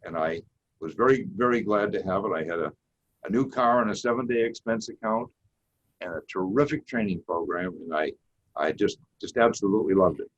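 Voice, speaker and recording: A man in his eighties with a Boston accent, giving a prepared seminar talk as a guest speaker in a measured, folksy storytelling way. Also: on the low side. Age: 80s. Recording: dull lo-fi recording.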